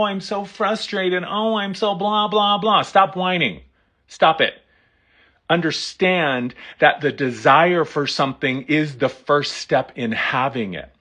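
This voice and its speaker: A man's voice: on the high side, a bit bright, slightly rough. A man giving a live tarot reading in an earnest, encouraging coaching tone, speaking straight to his listeners. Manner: speaks directly to listeners, reads out viewer comments. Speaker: tarot reader.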